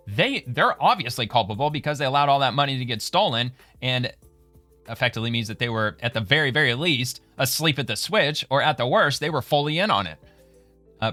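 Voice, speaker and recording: A man's voice: mid-range voice, pushed and bright, dry recording. A man hosting a casual political commentary show, reading posts aloud and then remarking on them in a conversational way.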